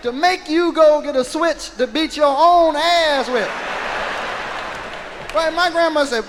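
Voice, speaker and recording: A man performing live stand-up comedy in a large hall, telling loud animated stories and shouting out character bits. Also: very high-pitched, slow pace, long pauses. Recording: echoey live concert vinyl with crowd noise. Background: audience laughter and ambience.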